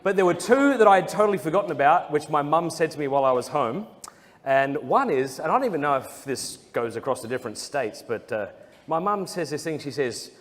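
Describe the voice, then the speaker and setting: A man's voice: fairly high pitch, lively intonation, fairly quick. Jokey Australian man in a reverberant hall. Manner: jokey, self-deprecating, chuckles often. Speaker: speaker. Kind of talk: humorous storytelling talk. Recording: long hall reverb, faint noise.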